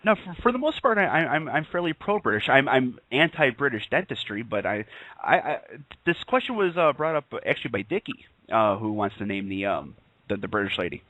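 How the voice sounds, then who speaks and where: A man's voice: medium pitch, lively intonation, fairly quick, sharp tone, no room sound, low-quality recording. A man co-hosting an online radio talk show, chatting casually and rambling with laughs. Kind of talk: casual chat.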